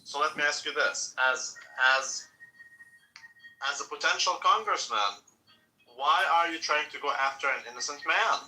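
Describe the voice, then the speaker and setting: A man with a bright, sharp voice taunts and argues in a casual online chat. He sounds mocking throughout, with faint music behind him. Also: a little high, moderate pace, poor audio.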